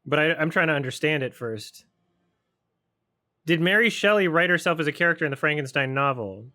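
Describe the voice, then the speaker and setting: A man talks through a film as he watches it, snacking and musing aloud. His voice is bright and forceful when he asks his puzzled questions, then fades into quiet, mumbled asides. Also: on the high side, expressive, a little fast. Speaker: film reviewer hosting a watch-along. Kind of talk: casual commentary while watching a film.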